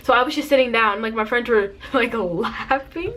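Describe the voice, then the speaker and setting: A teenage girl vlogger telling a casual storytime, chatty and quick to laugh. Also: fairly high pitch, background noise. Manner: chatty, many "like" fillers, laughs easily.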